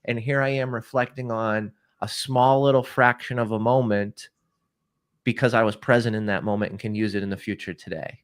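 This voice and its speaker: A man co-hosting a live stream in a low voice. He speaks earnestly and often stumbles over repeated words as he restarts his sentences. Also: fairly even intonation, moderate pace, clean tone. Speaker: co-host.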